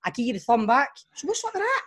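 A man with a Scottish accent, a co-host who tells animated, teasing stories about his friends. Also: very high-pitched, quick pace, crowd noise. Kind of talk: casual banter.

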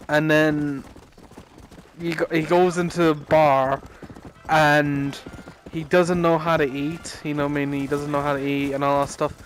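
A man's voice: a little high, a bit bright, a little hiss or hum, poor audio. A young man rambling through a casual story over gameplay, swearing a lot and laughing at his own rant. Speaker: gaming commentator.

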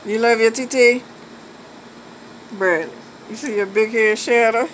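A woman's voice: on the high side, unhurried, pauses often, low-quality recording. A middle-aged woman babysitting her toddler grandsons at home, teasing them in playful baby talk, laughing often in a sing-song way. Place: home, indoors. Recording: steady air-conditioner hum behind.

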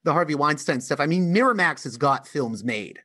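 A man with a notably high voice for his sex who hosts a podcast interview. He asks loose, rambling questions padded with fillers and casual asides. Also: lively intonation, a little fast, sharp tone, slightly rough. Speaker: podcast host.

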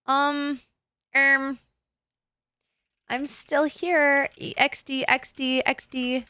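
A woman streaming a game, chatting with her audience in a giggly, excitable way full of crude jokes. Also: sits high, drawn-out words, dry recording. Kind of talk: casual live-stream chat.

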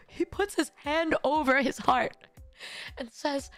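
High-voiced animated woman streamer. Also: unhurried, faint music behind. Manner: animated, swearing, voice jumps high when exasperated. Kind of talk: casual storytelling to stream chat.

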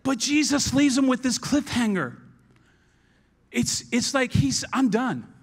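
A man as pastor, preaching a sermon in a church service in a conversational, storytelling way with quick restarts. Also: very high voice.

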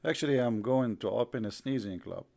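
A man's voice: medium pitch, a little fast, vocal fry. Sarcastic man mocking in live commentary. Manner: sarcastic, mocking, breaks into loud laughter; rhetorical, repeats himself. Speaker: online religious debater hosting a live broadcast.

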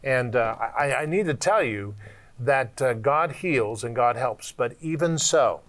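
A man's voice: medium pitch, expressive, fairly bright tone. A man hosting a ministry television show, teaching and exhorting in an earnest, preacherly way on a studio microphone. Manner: earnest, exhorting, slows down to stress points. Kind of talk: preacherly Bible discussion.

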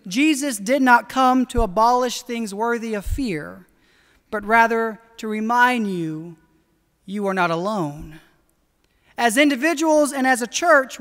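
A woman pastor preaching a sermon in an earnest, deliberate way, slowing down for emphasis. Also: a little high, fairly bright tone. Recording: long church reverb.

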